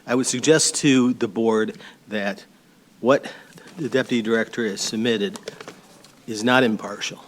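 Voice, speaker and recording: A man speaking as an attorney at a public board hearing, halting and pausing between points. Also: on the low side, slight background noise. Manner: halting, with fillers and pauses while looking up notes. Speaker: attorney for a petition sponsor. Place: public hearing room, speaking into a table microphone.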